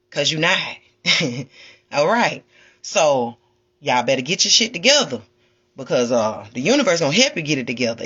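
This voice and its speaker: Woman, spiritual streamer, sassy and preachy, lively swooping delivery. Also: low voice, breathy edge, highs cut off. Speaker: spiritual livestreamer. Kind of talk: ranting livestream monologue.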